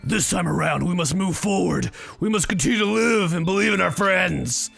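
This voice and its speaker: A man reading a young royal woman's lines in a booming, grandiose, theatrical voice. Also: animated, moderate pace, gravelly, a bit bright, faint music behind, full character voice. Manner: grandiose, declaiming. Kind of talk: game let's play voice reading.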